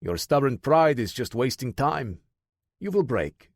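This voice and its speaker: A man's voice: mid-range voice, very animated, measured pace, dry recording, clean studio sound. A man voicing a menacing male interrogator with a thick Russian accent.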